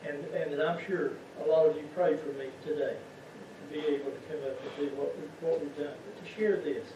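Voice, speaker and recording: Speaking a little fast in a slightly high voice, a lay preacher gives a folksy sermon and keeps putting rhetorical questions to his congregation. The setting is a church sanctuary, heard from far away through echoey, muffled audio with background noise.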